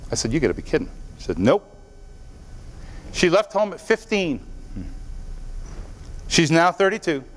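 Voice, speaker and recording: A man's voice: on the high side, very animated, measured pace, pauses often, a little hiss or hum. A man giving an earnest motivational speech to a live audience, telling stories and talking straight to the crowd. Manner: storytelling, earnest, directly addresses the audience. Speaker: motivational speaker. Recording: long hall reverb.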